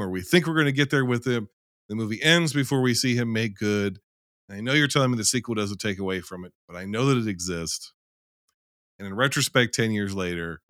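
A man co-hosting a casual film podcast, talking in a loose, animated way, swearing and acting out scenes as he argues his view. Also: fairly low pitch, no room sound, studio quality. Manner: animated, profane, acts out scenes in quotes. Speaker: podcast co-host.

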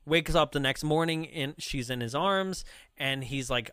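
A man's voice: mid-range voice, measured pace, sharp tone, smooth, no echo, clean studio sound. A man in casual conversation, reviewing a film with lots of "like" and "right?", rambling along.

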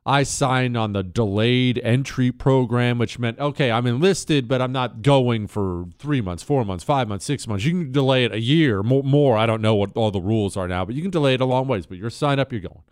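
With a medium-pitched voice moving at a moderate, smooth pace and hardly pausing, a middle-aged Montana man hosting a talk show recounts a personal story. His wry, conversational monologue grows animated during shouted drill instructor lines. There's no echo, and it's studio quality.

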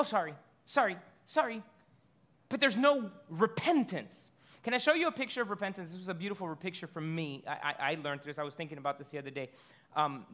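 High, bright-voiced man preaching. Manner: conversational preaching with rhetorical questions and frequent restarts. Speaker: pastor. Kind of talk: sermon.

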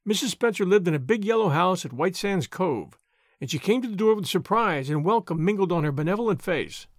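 A man narrating a classic novel as an audiobook, in a measured, expressive storytelling manner. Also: high voice, no echo, clean studio sound. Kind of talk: scripted narration.

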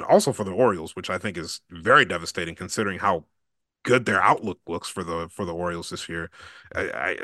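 Male fill-in podcast host, low and animated delivery, dry close studio sound, chatty and restart-prone. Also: dry recording. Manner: talkative, with many restarts and laughs. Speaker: podcast producer filling in as host. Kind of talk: casual sports podcast chat.

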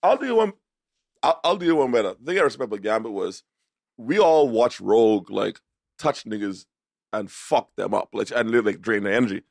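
Husky, excitable male co-host. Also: on the low side, brisk, dry recording, studio quality. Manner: excitable storyteller, profane. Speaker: podcast co-host. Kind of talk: casual banter.

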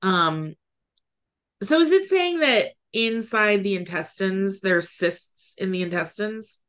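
A woman's voice: mid-range voice, animated, slow pace, fairly bright tone. A woman co-hosting an educational podcast in casual chat, reading notes aloud with giggly asides. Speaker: podcast co-host.

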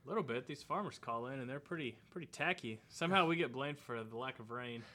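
Man, podcast co-host, bright crisp voice, easygoing dry replies. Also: mid-range voice, fast. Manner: laid-back, dry short replies. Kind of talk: casual podcast banter.

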